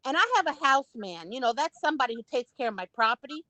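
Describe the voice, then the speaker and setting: An older woman with a New York accent, chatting casually on a livestream and telling lively stories. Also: high-pitched, fast talker, dry recording, poor audio. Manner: animated storyteller who acts out quotes. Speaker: guest on a livestream. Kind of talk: casual chat.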